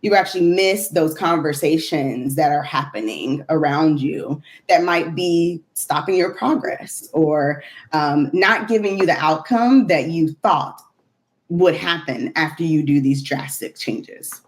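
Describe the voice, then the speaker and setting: Low-voiced woman, earnest podcast guest. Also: a little slow. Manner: earnest, thinks aloud with frequent "right?". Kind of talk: casual conversational chat.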